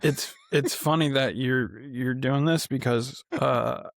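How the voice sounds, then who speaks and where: Male co-host, laid-back, unhurried speech, dry close mic. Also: mid-range voice, gravelly, dry recording. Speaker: podcast co-host. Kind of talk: casual chat.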